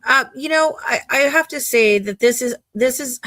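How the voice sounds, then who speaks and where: Woman host, live chat; exasperated rambler, higher voice, dry close mic. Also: normal speed, a bit bright, no echo. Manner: rambling, exasperated, many restarts. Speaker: podcast co-host. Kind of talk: casual live-stream chat.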